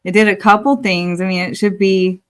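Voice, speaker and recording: A woman co-hosts a casual podcast in a voice of ordinary pitch. She listens closely and answers with brief, reassuring affirmations. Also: little pitch movement, fairly quick, a bit bright, clear, resonant tone. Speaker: podcast co-host. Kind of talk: casual chat.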